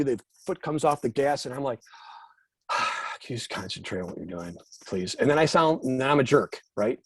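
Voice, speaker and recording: A man's voice: medium pitch, a little mellow, no room sound. A man, a guest musician, telling rambling, self-deprecating stories in a casual interview.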